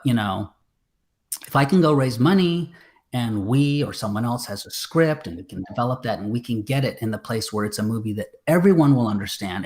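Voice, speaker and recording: Low guy rambling on a video call, lots of ums and restarts. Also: darkish tone. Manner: rambling, many fillers and restarts. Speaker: filmmaker guest. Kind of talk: casual interview chat.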